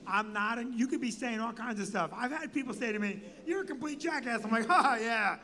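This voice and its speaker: A man's voice: extremely high pitch, fast talker, a crowd in the background. An older man, a comedy club owner, telling a comic story and acting out the people in it. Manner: animated, does voices of people in his story. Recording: noisy live-stream audio.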